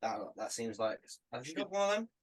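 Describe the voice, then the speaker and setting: A man's voice: mid-range voice, big pitch swings, a little fast, rough recording. A man on a casual podcast, talking in a laid-back, hesitant way with lots of fillers.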